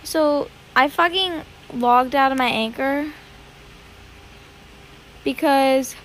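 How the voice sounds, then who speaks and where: A woman's voice: high-pitched, slow pace, pauses often. A young woman hosting her own podcast, rambling and swearing a lot in a dramatic, casual chat. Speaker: podcast host.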